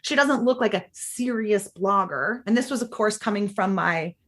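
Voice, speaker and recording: Speaking at a moderate pace with a medium, slightly bright voice, a woman in her thirties tells her story as a podcast interview guest. She's chatty, fills her speech with "like," and acts out quoted dialogue in different voices.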